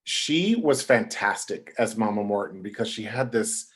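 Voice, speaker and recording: A man, a guest on a podcast, telling casual, animated anecdotes and quoting other people. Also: on the low side, normal speed. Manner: chatty, animated anecdotes with quoted voices.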